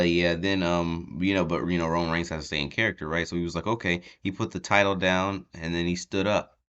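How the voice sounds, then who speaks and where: A man with a low, smooth and resonant voice recaps a wrestling show for his channel. His talk is loose and rambling, full of ums and restarts, and he chuckles at the funny parts. It sounds like a casual, unscripted vlog. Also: a bit bright, highs cut off. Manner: rambling, lots of ums, laughs at the story.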